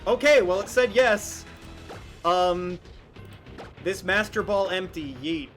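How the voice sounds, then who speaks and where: A man's voice: high-pitched, animated, takes it slowly, fairly bright tone, soft background music. A man giving casual, joking commentary while streaming a game, laughing often.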